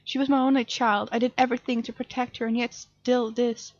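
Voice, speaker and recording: A woman's voice: a little high, level tone, brisk, no room sound, highs cut off, natural voice. A woman reading out the text messages of a grieving mother in a game, in a formal, pleading way, close to her own voice.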